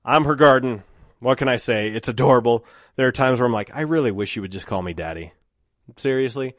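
A man's voice: medium pitch, a little fast, fairly bright tone, no room sound. A man in his thirties hosting a solo podcast, talking in a reflective, rambling way with restarts. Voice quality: dry mouth. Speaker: podcast host.

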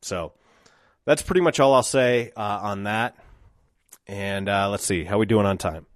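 Low-voiced man musing on his podcast. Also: a little slow, dry recording. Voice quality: dry mouth. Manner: reflective, rambling with restarts. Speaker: podcast host. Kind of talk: solo podcast monologue.

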